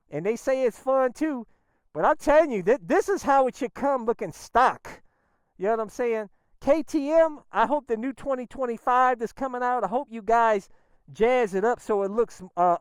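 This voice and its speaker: Excitable slangy man riding. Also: sits high, clean tone, no room sound, studio quality. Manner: excitable, slangy, exclaims often. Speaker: motorcycle vlogger. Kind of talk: casual riding vlog. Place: outdoors on a motorcycle.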